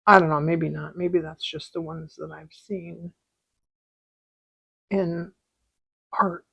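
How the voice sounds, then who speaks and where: Slow, gravelly-voiced woman stitching at home. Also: lowish voice, steady tone, no room sound, rough recording. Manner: soft, unhurried, chatty with small asides. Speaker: embroidery video host. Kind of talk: relaxed stitching tutorial chat. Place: at home at a craft desk.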